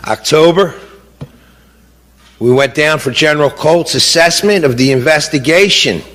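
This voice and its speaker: With a medium-pitched, fairly bright voice, a middle-aged man shares an emotional personal account of losing a child. He is indignant and impassioned, repeats himself for emphasis, asks rhetorical questions, and keeps saying "you know." The sound carries long hall reverb.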